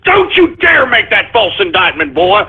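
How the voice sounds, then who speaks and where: A man hosting a talk radio show, ranting loudly with shouted bursts and drawn-out emphasis on key words. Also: high-pitched, wildly swooping pitch, breathy edge. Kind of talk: ranting internet radio monologue. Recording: tinny phone-like radio stream.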